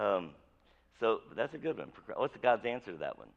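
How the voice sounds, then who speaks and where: A man's voice: fairly low pitch, very animated, a little fast, creaky, lo-fi sound. A male pastor preaching a sermon in a conversational, jokey way, with many restarts.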